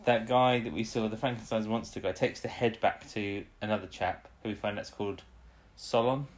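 A man's voice: on the low side, fairly even intonation, moderate pace. A man co-hosting a casual chat about an episode. He laughs often and acts out the characters' lines. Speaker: podcast co-host.

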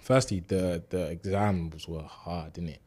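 A young man in his twenties recounts his university days in a relaxed, slang-heavy conversational style. His voice sits fairly low and carries a husky, breathy edge. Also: a little slow. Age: 20s. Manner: relaxed street slang, lots of fillers, animated when retelling. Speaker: university student sharing a testimony. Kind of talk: casual storytelling chat.

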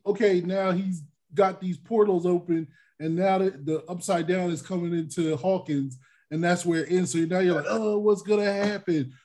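A man hosting a casual podcast chat, animated, acting out his reactions with loud exclamations. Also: high-pitched. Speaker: podcast host.

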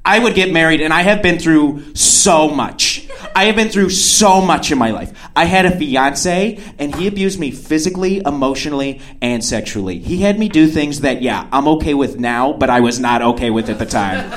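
A man's voice: medium pitch, lively intonation, brisk, hardly any pauses, natural voice. A man voicing an intense woman on a date who lectures him and keeps repeating herself. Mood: insistent.

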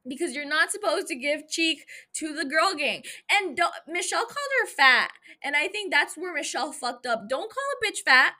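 Young woman podcaster, high bright voice, swears a lot, rambly jokey recap into her mic. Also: lively intonation, normal speed. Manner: chatty, profane, jokey, self-interrupting. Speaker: podcast host. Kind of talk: casual episode recap chat.

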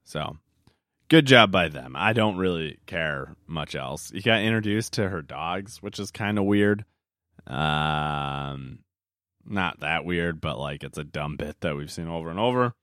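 A man's voice: rumbling low, expressive, a little slow, a bit bright, no echo, clean studio sound. A young man talking casually on his solo podcast, rambling with lots of fillers and self-corrections. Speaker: podcast host.

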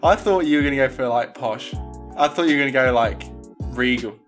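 A man hosting a film podcast in casual chat, often pausing with fillers. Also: mid-range voice, soft background music. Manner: hesitant, lots of fillers. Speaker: podcast host.

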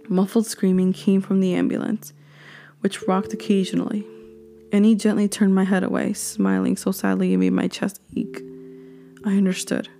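A woman reading a horror story aloud, slow and hushed, sometimes dropping to a whisper. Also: mid-range voice, vocal fry.

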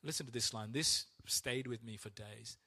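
A pastor with a gravelly voice preaches a sermon at normal speed. He's animated, acting out complaints to God in a raised, strained, high voice.

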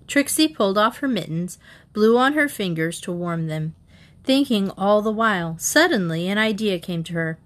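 A woman reading a children's mystery aloud in an even, measured storytelling voice. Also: medium pitch. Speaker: audiobook reader. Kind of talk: scripted narration.

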